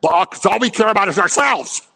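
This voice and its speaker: An impassioned male preacher delivering a sermon, scolding his listeners and acting out little scenes. His pitch swoops up and down with great animation. The voice rings out with a long reverb in a large hall. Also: lively intonation, fast, sharp tone, husky.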